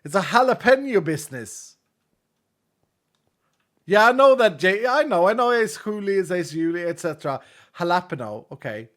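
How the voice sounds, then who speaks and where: A male streamer talks casually through a game session, reading chat aloud and laughing at jokes. He speaks English with a non-native accent. His voice sits a little higher than most men's. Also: expressive, moderate pace, long pauses, a bit bright. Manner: chatty, reads chat aloud, laughs often.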